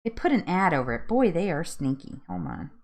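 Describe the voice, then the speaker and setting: A woman's voice: fairly low pitch, very animated, a little fast, creaky, darkish tone. A woman in her thirties hosting a casual live chat, chatty, laughing often and tripping over words. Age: 30s. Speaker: host.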